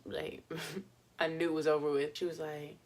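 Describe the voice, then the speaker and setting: A woman's voice: low-pitched, little pitch movement, moderate pace, darkish tone. A young woman vlogger telling a story in a chatty, casual way, with lots of fillers and laughs.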